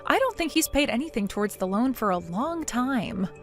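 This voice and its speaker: A defiant young daughter-in-law mocks and needles in a high, animated voice, voiced by a woman. She sounds sarcastic. Soft music plays behind her. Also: moderate pace. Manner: sarcastic, mocking. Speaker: narrator of the story.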